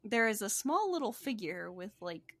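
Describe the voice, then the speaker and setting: A woman's voice: mid-range voice, big pitch swings, moderate pace, fairly bright tone. A woman narrating as game master of a tabletop role-play, describing scenes unhurriedly.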